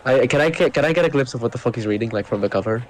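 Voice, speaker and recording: A man's voice: mid-range voice, lively intonation, rapid-fire. Casual, joking man at a game table. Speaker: player.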